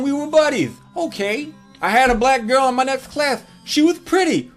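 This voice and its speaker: A man's voice: extremely high pitch, lively intonation, moderate pace, hardly any pauses, soft background music. A man telling a crude comedic story from his childhood, with a mocking, punchline-driven delivery.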